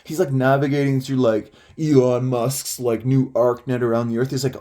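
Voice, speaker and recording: A man's voice: medium pitch, flat delivery, normal speed, hardly any pauses, warm tone. A man telling a personal story in a casual, rambling way, full of filler words and swearing.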